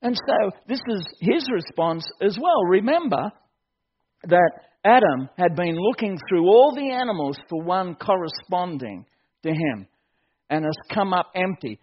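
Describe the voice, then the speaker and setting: A man preaching a sermon as pastor, joking and building to excited shouts. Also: high-pitched, unhurried, slightly rough, lo-fi sound.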